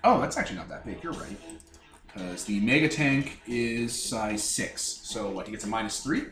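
A man's voice: medium pitch, animated, normal speed, fairly bright tone, faint music behind. A man running a tabletop game as game master, talking casually with fillers and restarts. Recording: echoey room, mic at a distance.

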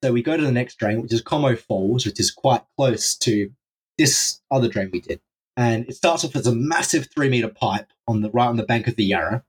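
A young man telling a long story on a podcast in a casual, animated way, swearing freely. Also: medium pitch, brisk, husky. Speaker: podcast guest, urban explorer.

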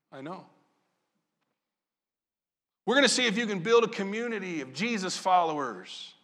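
A man's voice: a little high, moderate pace, long pauses. A man from Southern Illinois preaching a sermon as pastor, asking his congregation question after question. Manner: animated, asks the congregation questions.

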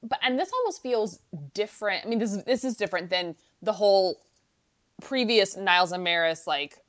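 A woman co-hosting a casual podcast, chatty and quick to laugh as she recaps scenes. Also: medium pitch, animated, a bit bright. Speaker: podcast co-host. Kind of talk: casual chat.

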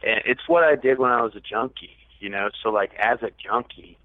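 A man's voice: mid-range voice, a little fast, slight background noise. A man telling a long story as a podcast guest, rambling and mocking himself. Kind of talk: casual storytelling. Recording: tinny, dry phone-like line.

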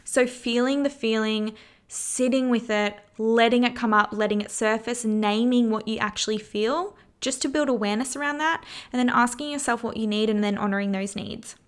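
A woman's voice: a little high, normal speed. A woman hosting a self-help podcast, talking earnestly in a casual coaching tone and swearing freely. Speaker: podcast host.

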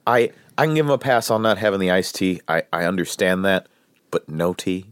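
A man co-hosting a casual food review podcast, making dry deadpan wisecracks. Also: low voice, fairly quick, smooth, dry recording. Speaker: podcast co-host.

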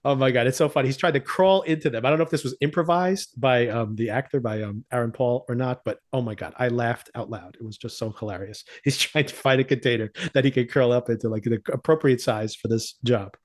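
A man with a middle-pitched voice talks through a TV season in loose, casual chat. He laughs often and slips into the characters' lines as he tells the story. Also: a little fast, hardly any pauses. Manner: animated storyteller, laughs often, acts out quotes. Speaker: podcast host.

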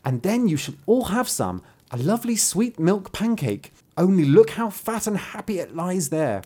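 A doting mother from an old folk tale coaxes her hungry children to be patient, voiced by a storyteller. The voice rises and falls lively and sweet. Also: mid-range voice, normal speed, breathy edge, pitched above the performer's own voice. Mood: coaxing. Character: fond mother frying a pancake, coaxing.

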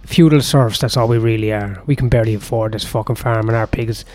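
A man's voice: on the low side, a little fast, darkish tone, faint music behind, lightly acted. A man voicing a grieving, nervy middle-aged farm wife in a storytelling bit, pleading and anguished. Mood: distraught.

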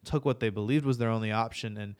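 A man's voice: lowish voice, fast talker. A rambling man chatting about games. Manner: rambling, many fillers and restarts, laughs often. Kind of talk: casual gaming podcast chat.

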